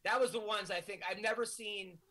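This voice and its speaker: A man chatting as a guest comedian, talking in a halting way with repeated words and quoting people. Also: high voice, fairly even intonation, sharp tone, husky. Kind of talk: casual chat.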